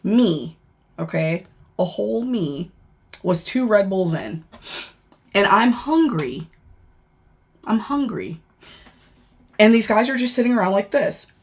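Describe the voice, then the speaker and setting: A woman, a former corrections officer, casually telling a story on a livestream, animated and profane, with lots of fillers. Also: mid-range voice, slow pace, pauses often, husky. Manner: animated, profane, laughing and dramatizing; chatty with many fillers.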